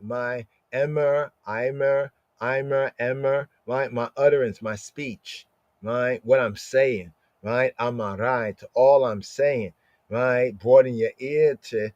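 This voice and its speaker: A man's voice: medium pitch, darkish tone, dry recording. Man teaching scripture, dull dry sound. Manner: repeats Hebrew words, acts out inner muttering. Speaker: Bible teacher. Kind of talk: morning Torah and Psalm teaching.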